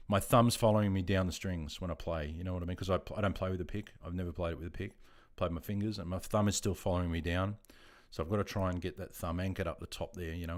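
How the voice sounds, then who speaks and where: Aussie bloke in his 50s, bit low voice, chatting on a live stream, reading chat and laughing a lot. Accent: Australian. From Australia. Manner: chatty, reads out viewer comments, quick to laugh. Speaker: live streamer, army veteran.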